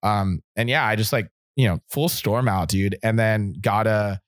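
A man's voice: fairly low pitch, steady tone, normal speed, dry recording, clean studio sound. A man telling a long personal story as an interview guest, rambling with many fillers and acting out what people said. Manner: rambling, filler-heavy, acts out quotes.

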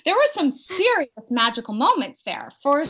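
A young adult woman telling her birth story in a casual, animated way, acting out her own cries in quotes. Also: high voice, moderate pace, low-quality recording.

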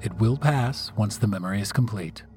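A man's voice: medium pitch, moderate pace, soft background music, voice pushed down, close to an everyday voice. A man doing a cold, unbothered woman official. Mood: cool. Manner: flat and unconcerned.

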